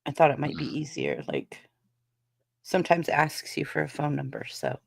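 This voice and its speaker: A woman's voice: sits low, very animated, moderate pace, gravelly, no room sound. A woman in a casual group voice chat who talks freely and swears casually.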